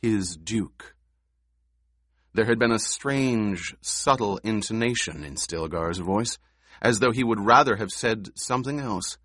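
A man narrating an audiobook with steady, even storytelling. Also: fairly low pitch, a little slow, no echo, clean studio sound. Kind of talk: scripted narration.

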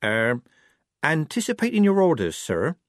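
A resolute young woman soldier, dry-witted and firm, voiced by a man reading a story aloud. Her voice sits a little above the narrator's and stays steady and measured. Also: a little high, dry recording, voice pushed up. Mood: deferential.

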